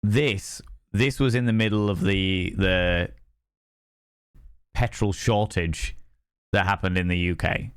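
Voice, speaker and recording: Chatty, cussing streamer. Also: male voice, deep voice, steady tone, slow pace, pauses often, clear, resonant tone, dry recording, studio quality. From Yorkshire, England. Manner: chatty and swearing, greets viewers warmly by name. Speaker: livestream host. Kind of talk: casual live-stream chat.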